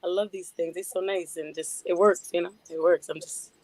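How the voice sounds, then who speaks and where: A woman's voice: on the low side, fairly even intonation, normal speed, darkish tone, no room sound. A woman with a New York accent, a rapper guest in a casual radio interview, chatty and laughing often. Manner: chatty, laughs often, many "you know"s. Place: radio studio.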